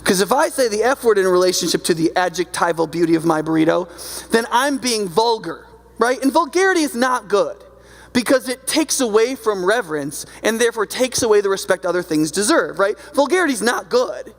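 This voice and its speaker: A man's voice: sits high, expressive, fairly quick, creaky. A male pastor preaching a sermon in a loose, conversational way, often checking in with his listeners. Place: church sanctuary. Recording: long hall reverb from a church.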